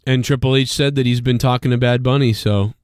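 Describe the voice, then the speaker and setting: A man's voice: mid-range voice, steady tone, brisk, darkish tone, no room sound, clean studio sound. A man hosting a livestream, talking bluntly and profanely in rambling casual chat. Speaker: livestream host.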